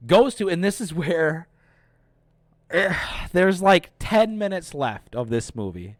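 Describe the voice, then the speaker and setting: A man hosting a casual movie review, retelling the plot in an animated, profane way and acting out the characters' lines. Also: high voice, slow pace, no room sound, clean studio sound. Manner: animated, profane, acts out quotes. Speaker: host.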